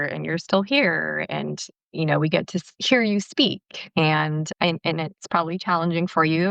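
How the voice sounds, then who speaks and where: Gravelly, low-voiced woman cohost. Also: a bit bright, dry recording, dull audio. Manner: effusive, stumbling restarts. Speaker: podcast cohost. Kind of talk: conversational interview.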